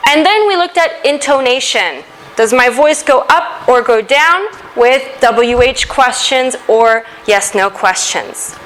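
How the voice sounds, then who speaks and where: A woman teaches an English grammar lesson step by step, delivering it slowly and deliberately with occasional fillers. Her voice sits high and is animated and fairly bright, though the recording is rough.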